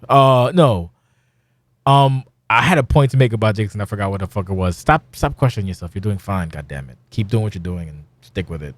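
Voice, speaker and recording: A man's voice: mid-range voice, no room sound. A middle-aged man hosting a casual podcast, rambling and swearing bluntly. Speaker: podcast host.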